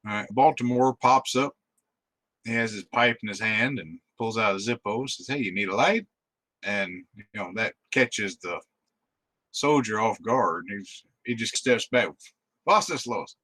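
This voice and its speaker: A man's voice: fairly low pitch, a little slow, fairly bright tone, no echo. A man narrating as the game master of a tabletop role-playing game, describing scenes in an easygoing way.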